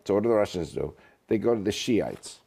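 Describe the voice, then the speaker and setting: Male guest, lively and joking, pitch swinging freely. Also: brisk, vocal fry, breathy edge. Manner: animated, joking storyteller. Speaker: guest, author and politician. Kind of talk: casual interview talk.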